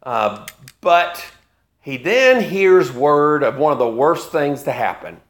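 A man in his fifties preaches a sermon, retelling a story with wry humor. His slightly high voice moves in lively swings, rising and dropping to carry the narrative. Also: slow pace. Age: 50s.

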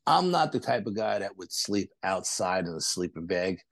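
A man, a podcast guest, telling animated stories in a casual interview and acting out other people's quotes. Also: low voice, moderate pace, gravelly, no room sound. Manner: animated anecdotes with acted-out quotes. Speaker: podcast guest, paranormal investigator.

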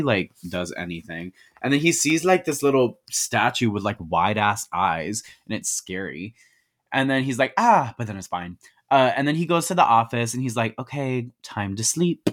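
A man in a loose, laid-back recap of a film, heavy on slang and swearing, quoting each character as he goes. His voice sits at an ordinary middle pitch, recorded on a home mic over a call. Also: fairly bright tone. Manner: slangy, profane, retells scenes in quoted voices. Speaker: podcast co-host. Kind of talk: casual movie recap.

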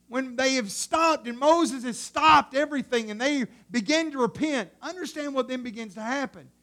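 A man preaching a sermon in a dramatic, colloquial way, swinging from loud outbursts to hushed tones. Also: very high-pitched, lively intonation, moderate pace, hardly any pauses. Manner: colloquial, acts out God's voice.

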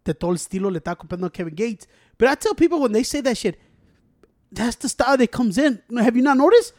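A man's voice: very high-pitched, lively intonation, quick pace, a little mellow, no room sound, studio quality. A man chatting casually about rap, switching between English and Spanish with slang and swearing. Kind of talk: casual chat.

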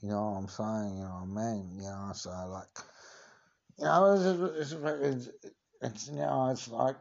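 A man's voice: mid-range voice, fairly even intonation, unhurried, vocal fry, a little mellow, lo-fi sound. A man doing a comic impression of a swaggering Cockney tough-guy geezer, rambling and sweary with endless filler phrases.

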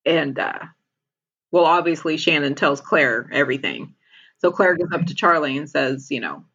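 A woman's voice: deep voice, lively intonation, normal speed, fairly bright tone, husky, highs cut off. A woman casually retelling a TV episode as a podcast co-host, laughing often as she talks.

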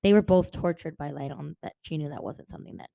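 A woman's voice: low-pitched, fast talker, creaky, dark tone, no echo. A woman co-hosting a casual book-discussion podcast. She talks animatedly, swears freely and acts out characters' lines. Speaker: podcast co-host.

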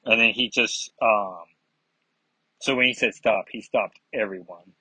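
Husky man reviewing a comic. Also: on the low side, pushed and bright, no room sound, low-quality recording. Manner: reads aloud with halting fillers and asides. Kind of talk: casual comic review reading.

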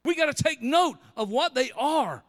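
A middle-aged man preaching a sermon, telling stories with big swings between loud and soft. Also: lively intonation, normal speed, vocal fry, long reverb tail. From Southern US. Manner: storytelling preacher with big swings in pitch and volume. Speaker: pastor.

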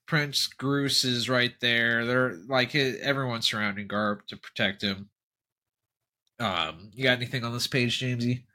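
Bright-voiced man, animated and joking. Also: medium pitch, measured pace. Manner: animated, laughing, jumps into tangents and jokey impressions. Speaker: podcast co-host. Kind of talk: casual chat.

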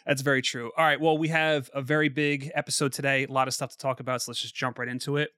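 A man's voice: medium pitch, level tone, fast, sharp tone. A man co-hosting a casual podcast, upbeat, laughing easily and recapping plot. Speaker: podcast co-host.

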